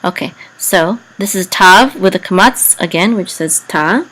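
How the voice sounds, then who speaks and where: A woman teaching biblical Hebrew reading, carefully spelling out letters and vowel sounds with frequent pauses. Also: medium pitch, a bit bright, rough recording. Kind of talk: slow explanatory lesson.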